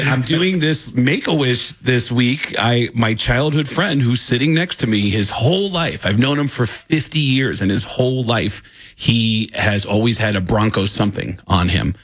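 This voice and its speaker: A man's voice: mid-range voice, unhurried, slight background noise. A man in his fifties from the Bronx, a comedian guest telling stories on a radio studio interview. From the Bronx, New York. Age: 50s. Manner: storytelling, animated, breaks into impressions. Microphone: studio microphone.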